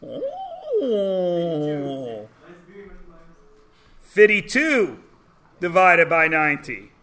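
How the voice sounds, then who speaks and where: A man teaching a math class in a classroom, chatty and teasing, often checking in with quick questions. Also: high voice, expressive, sharp tone. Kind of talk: classroom lesson.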